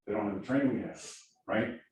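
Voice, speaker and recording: A fast-talking man with a voice on the low side leads a classroom training session for new agents. Originally from Missouri and speaking with a Southern accent, this productivity coach is energetic and keeps checking in with "right?". The recording is echoey and distant, with faint hiss.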